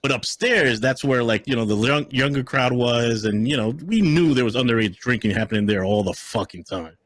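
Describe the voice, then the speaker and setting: A man's voice: mid-range voice, fairly quick, dry recording. Profane storytelling man, loose and chatty. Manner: loose and profane, lots of "right?" and "yo". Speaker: podcast co-host. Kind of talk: casual storytelling chat.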